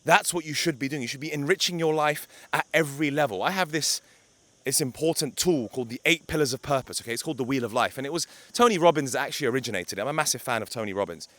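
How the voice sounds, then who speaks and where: A man's voice: mid-range voice, quick pace, a bit bright, no room sound. A young man talking to camera outdoors by a beach, a blunt, emphatic life coach who swears for emphasis.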